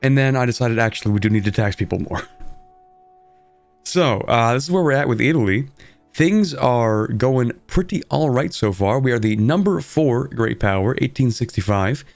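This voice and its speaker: A man's voice: medium pitch, animated, moderate pace, creaky, darkish tone, no room sound, soft background music. A young man streaming a strategy game, talking casually in a sleepy, rambling way while he explains his moves. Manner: sleepy, rambling, self-deprecating.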